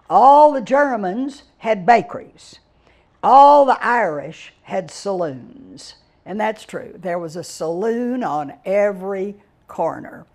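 An older woman from Texas, giving a digressive storytelling lecture with dramatic exclamations and drawn-out words. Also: on the low side, darkish tone. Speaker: guest speaker reviewing a book.

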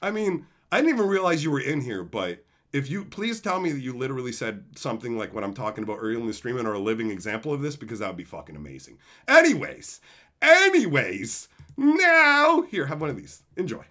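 A man's voice: medium pitch, sing-song, fast talker, hardly any pauses, pushed and bright. A man streaming live, ranting in an exasperated, profane way about entitled viewers. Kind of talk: livestream rant.

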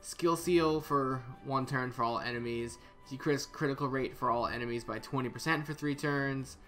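Male game reviewer, casual and bright, middle pitch, hesitant repeats, faint music underneath. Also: normal speed. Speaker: game content creator.

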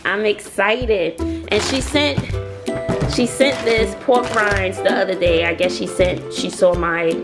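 A woman's voice: mid-range voice, steady tone, slow, loud music behind the voice. A chatty woman with a Southern US accent talks to her camera in a casual vlog. She laughs easily and speaks straight to her viewers. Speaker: vlogger.

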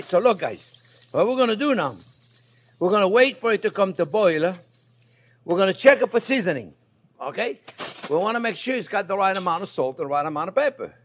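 An older man with a French accent, a chef chatting warmly through a cooking demonstration and calling viewers his friends. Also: fairly high pitch. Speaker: chef host.

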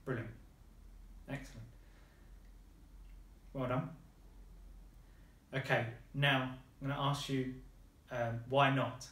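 A man's voice: mid-range voice, flat delivery, takes it slowly, pauses often, a bit bright, echoey room. A man teaching a beginners' Spanish lesson, patient and encouraging, praising the learner often. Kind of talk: slow, patient language lesson.

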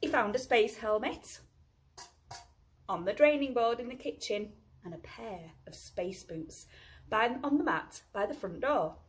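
Woman teacher, picture-book read-aloud, slow, lively expressive pitch. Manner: expressive, slow storybook reading.

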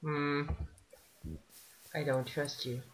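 A woman's voice: low-pitched, flat delivery, drawn-out words, rough recording. A woman chatting casually while playing an online drawing game, teasing, laughing often and swearing freely. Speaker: gaming channel host. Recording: faint background noise.

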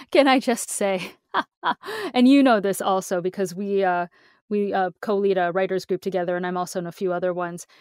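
A woman co-hosting a casual writing podcast, talking in an animated, emphatic way. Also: mid-range voice, normal speed, clear, resonant tone, no echo, studio quality. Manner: animated, emphatic, acts out quoted reactions. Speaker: podcast co-host.

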